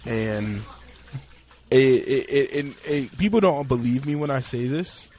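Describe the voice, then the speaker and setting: A man co-hosting a podcast in casual chat, blunt and profane, often talking in quick bursts. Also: mid-range voice, expressive, a little mellow. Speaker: podcast co-host.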